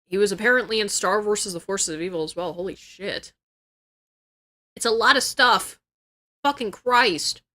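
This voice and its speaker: A woman's voice: medium pitch, moderate pace, long pauses, pushed and bright. A young woman livestreamer chatting casually, swearing freely and reacting in disbelief as she reads things out. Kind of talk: casual chat.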